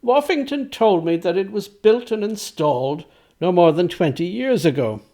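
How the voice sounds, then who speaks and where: A man's voice: high-pitched, lively intonation, normal speed, mellow, pitched above the performer's own voice. A man reading aloud, voicing an earnest, courteous eighteenth-century composer in formal, old-fashioned speech.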